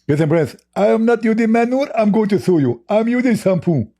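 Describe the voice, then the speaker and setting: A man's voice: lively intonation, a little fast, warm tone. A man mimicking a huffy boastful male debater. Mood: mock-indignant. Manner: high, huffy, self-important mimicry. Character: mocked male debate opponent, indignant and boastful.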